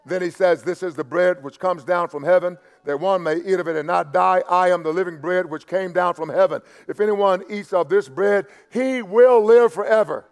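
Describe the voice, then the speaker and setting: Male pastor, slightly high voice, conversational sermon, stammering repeats, loud-to-quiet swings, long church reverb. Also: normal speed, hardly any pauses, clear, resonant tone. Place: church sanctuary.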